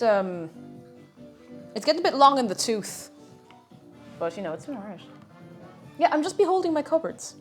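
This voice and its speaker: A woman chatting casually and playfully with her viewers while cooking in her home kitchen on a livestream. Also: on the high side. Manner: playful rambling banter with chat. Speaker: streamer. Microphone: streaming mic.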